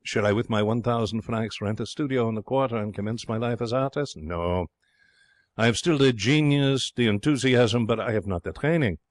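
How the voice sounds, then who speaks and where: A man reading an audiobook, voicing an excitable, romantic young Frenchman who tells his tale in broken English. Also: mid-range voice, moderate pace, no echo, natural voice. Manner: theatrical, broken English phrasing. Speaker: audiobook narrator.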